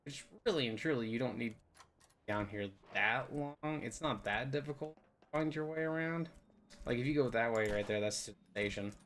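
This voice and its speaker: A man's voice: mid-range voice, moderate pace, a bit bright, a little hiss or hum. Rambling goofy young man touring a game map. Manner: goofy, rambling, playful silly voices. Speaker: game video host. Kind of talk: rambling casual map tour.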